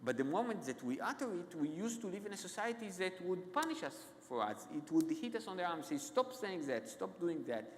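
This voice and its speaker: A man with an Israeli accent, a guest author telling stories on stage in a halting, self-interrupting way. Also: high voice, big pitch swings, slight background noise. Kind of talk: onstage conversation, anecdotal storytelling. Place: large event hall. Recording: echoey hall.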